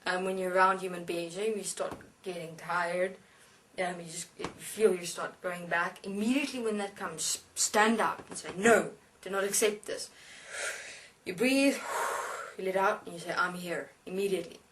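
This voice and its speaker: A woman giving a spiritual lecture as a channeled being, speaking slowly and deliberately with halting pauses. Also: on the low side, a bit bright, slight background noise. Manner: slow, halting, deliberate instruction. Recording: voice distant from the mic.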